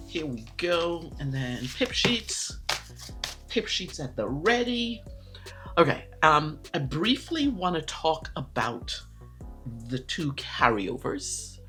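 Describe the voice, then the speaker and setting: Chatty low-voiced woman pen vlogger. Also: sing-song, a little slow, a bit bright, soft background music. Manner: chatty and rambling, with frequent self-corrections. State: out of breath. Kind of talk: casual chat to camera.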